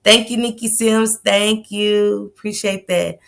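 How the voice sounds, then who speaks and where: Gravelly woman greeting livestream chatters. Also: mid-range voice, flat delivery, a little slow, fairly bright tone. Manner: greets viewers by name in slangy banter. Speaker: livestream host. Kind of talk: casual livestream chat.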